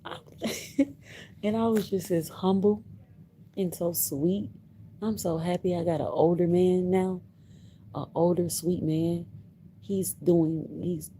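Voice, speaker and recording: A woman tells a story on a casual livestream. Her voice is very dark and mellow, and she speaks slowly and a little low. She circles back on her words, with a faint hum in the background. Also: creaky. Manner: emphatic, repeats herself, laughs between lines.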